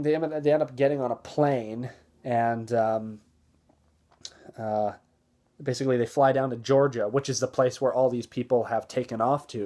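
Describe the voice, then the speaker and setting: Male movie reviewer, casual rambling plot recap, mid-pitched, lots of ums and restarts. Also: mellow. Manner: rambling, many fillers and restarts, acts out quoted lines.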